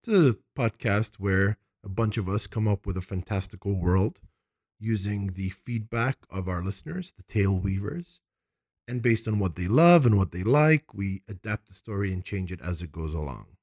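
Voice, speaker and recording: A man hosting a casual tabletop games podcast, animated and quick to laugh, recording in a makeshift home studio. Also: lowish voice, dry recording. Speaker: podcast host.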